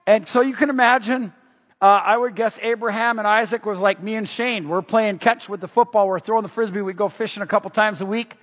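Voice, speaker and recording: A man preaching a sermon as pastor, animated, quoting scripture aloud. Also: sits high, fairly quick. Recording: roomy hall, dull lo-fi sound.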